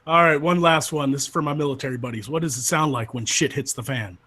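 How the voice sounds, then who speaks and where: A man's voice: mid-range voice, bright, forceful tone. A man telling crude jokes in a casual, hesitant way with fillers.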